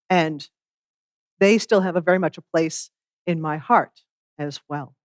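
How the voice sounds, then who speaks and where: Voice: medium pitch, moderate pace, no room sound. Reflective minister, dry close sound. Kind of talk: sermon.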